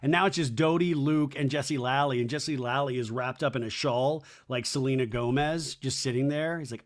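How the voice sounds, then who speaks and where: A man hosting a podcast, recapping reality TV in a gossipy, animated way. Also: medium pitch, moderate pace, few pauses. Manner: animated, gossipy, acts out the people he quotes. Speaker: podcast host.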